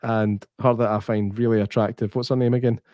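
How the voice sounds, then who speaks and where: A man's voice: on the low side, fairly quick, dry recording. A Scottish man co-hosting a podcast, swearing freely and acting out quotes as he tells stories in casual chat. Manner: sweary, animated storyteller who acts out quotes. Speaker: podcast co-host.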